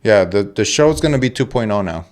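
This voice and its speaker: A young man with a slightly low voice hosts a relaxed podcast conversation. He rambles and jokes, swears freely and often restarts his sentences. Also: brisk. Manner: rambling, profane, jokey, with restarts. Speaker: podcast host. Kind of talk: casual chat.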